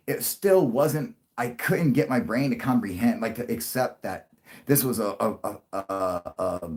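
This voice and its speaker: A young man telling a long story to his livestream viewers, rambling and swearing, with many restarts and sudden loud bursts. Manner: rambling, profane, restarts a lot, jumps into loud high bursts for quoted voices. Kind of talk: casual storytelling to a live audience.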